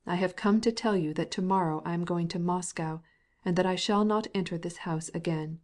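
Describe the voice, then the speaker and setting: A woman's voice: brisk, a little mellow, close to an everyday voice. A woman voicing a stern, cold middle-aged husband with a piping voice who speaks angrily and stammers when upset. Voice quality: piping, high-strung.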